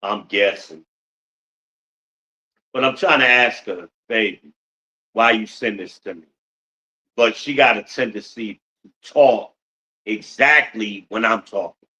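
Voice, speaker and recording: A man's voice: fairly low pitch, slow, long pauses, sharp tone, poor audio. A middle-aged man hosting a podcast in a blunt, profane ranting monologue, full of rhetorical questions to his listeners. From United States. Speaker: podcast host.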